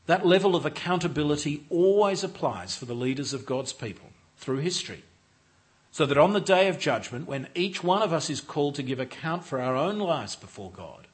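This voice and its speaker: A man leading a church, giving an expository Bible sermon in a measured, deliberate way and stressing key words. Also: medium pitch. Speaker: church leader.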